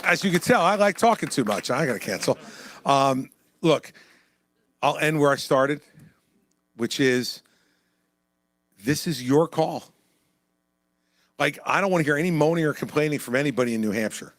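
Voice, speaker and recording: A man's voice: on the high side, expressive, normal speed, long pauses, fairly bright tone, clean studio sound. A man speaking as a presidential candidate at a town hall, in a punchy, conversational way that repeats lines for emphasis. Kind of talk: town hall stump speech and Q&A. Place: indoor town hall venue.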